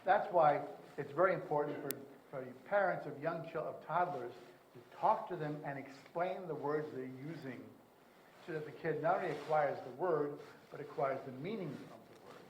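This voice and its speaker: A man giving a conference lecture, rambling with animated asides. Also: fairly high pitch, moderate pace, echoey room, a little hiss or hum, poor audio. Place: conference hall.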